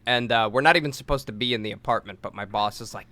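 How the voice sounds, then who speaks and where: A man's voice: lowish voice, fast, no room sound. Swearing young man telling a story. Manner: animated storyteller, swears freely, acts out quotes. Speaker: podcast co-host. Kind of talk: casual storytelling chat.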